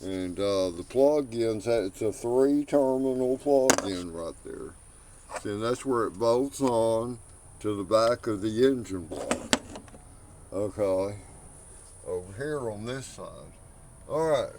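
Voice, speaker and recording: Slow-talking man fixing his truck outdoors. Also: lowish voice, lively intonation, noisy background. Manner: slow, rambling, talks while working. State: out of breath. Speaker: home mechanic. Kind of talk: casual how-to video.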